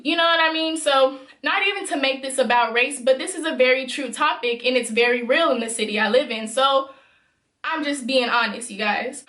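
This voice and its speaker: Young woman, high bright voice, emphatic storytime vlog. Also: echoey room. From Memphis, USA. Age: young adult. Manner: worked up, emphatic, talks straight to viewers. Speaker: vlogger.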